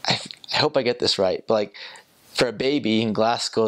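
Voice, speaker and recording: A young American man chatting casually in a relaxed, rambling way, with many fillers and small chuckles. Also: fairly low pitch, fairly quick. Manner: relaxed, rambling, with frequent ums, likes and chuckles. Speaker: returned missionary. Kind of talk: casual chat.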